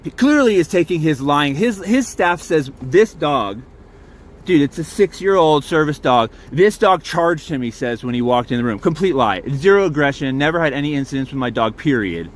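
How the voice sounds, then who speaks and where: A man's voice: on the high side, expressive, moderate pace. A man in his truck, filming on his phone and indignantly recounting a dispute with staff, swearing freely as he rambles. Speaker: campground guest in a dispute. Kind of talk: agitated recounting to a phone camera.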